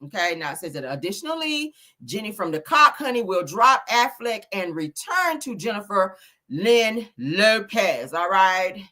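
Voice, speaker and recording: Sassy, animated woman gossip host. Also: mid-range voice, a little slow. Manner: sassy, profane, calls listeners honey and child. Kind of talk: casual celebrity gossip commentary.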